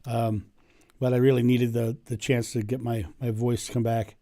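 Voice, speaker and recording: A hoarse man with laryngitis hosting a casual livestream from home, chatting and laughing often into his microphone. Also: medium pitch, little pitch movement, moderate pace, warm tone. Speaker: livestream host. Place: home in Ohio. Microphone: microphone turned up.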